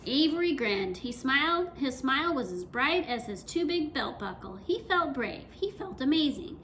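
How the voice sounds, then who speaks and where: Expressive woman reading a kids' book aloud, high and animated. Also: moderate pace, slight background noise. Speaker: reader. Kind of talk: reading a children's storybook aloud.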